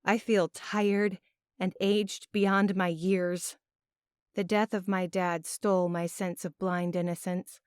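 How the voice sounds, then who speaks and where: A woman narrating a first-person audiobook with expressive, emotional delivery. Her voice is smooth and clear at a medium pitch. The recording is dry and close, with no room sound. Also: no room sound.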